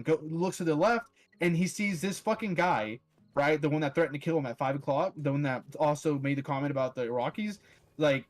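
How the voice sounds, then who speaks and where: A man telling a long story in a loose, rambling way, swearing often and filling gaps with "like". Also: a little high. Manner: rambling, heavy swearing, lots of "like" fillers. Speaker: podcast host. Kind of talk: casual storytelling.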